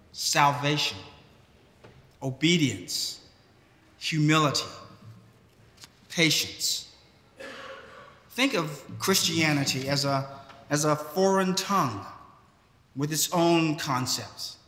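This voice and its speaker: A man preaching a sermon in a church, speaking in a measured way with occasional restarts. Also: a little high, sharp tone. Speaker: priest. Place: large church. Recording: echoey church hall.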